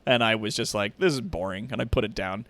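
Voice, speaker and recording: A man's voice: lowish voice, quick pace, no echo. A man streaming, chatting casually and ranting with lots of swearing. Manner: animated, rants with heavy swearing. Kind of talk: casual gaming stream chat.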